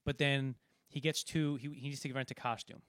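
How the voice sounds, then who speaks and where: A man's voice: mid-range voice, steady tone, moderate pace, a bit bright, no room sound, clean studio sound. A man co-hosting a film podcast, casually retelling movie scenes in a rambling way with many restarts. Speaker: podcast co-host.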